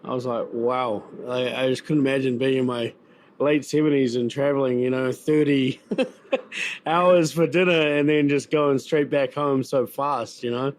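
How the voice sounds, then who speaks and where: A man's voice: mid-range voice, fairly even intonation, normal speed. A man with a New Zealand accent, a chef talking in a casual interview, chatty and full of fillers and repeated words. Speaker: chef and restaurant owner. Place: busy event venue.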